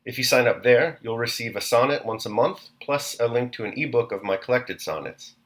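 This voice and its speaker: A man hosting and reading a classic novel aloud chapter by chapter, in a measured, clear narration. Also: medium pitch, fairly bright tone. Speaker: host and reader. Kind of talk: audiobook narration.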